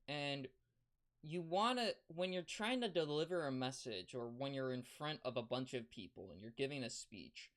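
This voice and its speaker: Rambling streamer with lively, swooping pitch. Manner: rambling, halting, many restarts and fillers. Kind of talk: casual livestream chat, giving advice.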